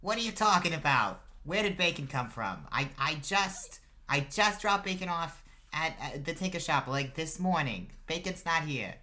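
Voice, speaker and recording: A man's voice: a little high, very animated, normal speed, hardly any pauses, sharp tone, a little hiss or hum, voice pushed up. A man voicing a harried half-orc mother who fusses at her son and welcomes guests. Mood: exasperated. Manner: fussy, scolding then hospitable.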